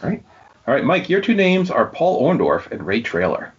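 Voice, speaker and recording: This quiz host has a husky, medium-pitched voice and speaks at normal speed. He leads a laid-back wrestling trivia round on a podcast, calling out questions, names and answers in a lively way, all captured in dull lo-fi audio.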